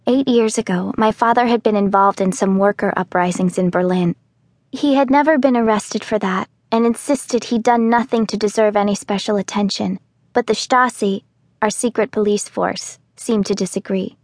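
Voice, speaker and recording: A woman narrating a children's audiobook in the first person, telling the story calmly and clearly. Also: medium pitch, normal speed, no echo. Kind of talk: scripted narration.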